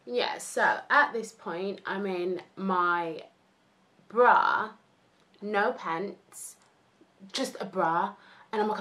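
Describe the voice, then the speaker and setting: A young woman telling a casual story, animated and acting out the people she quotes. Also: mid-range voice, drawn-out words, long pauses. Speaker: vlogger.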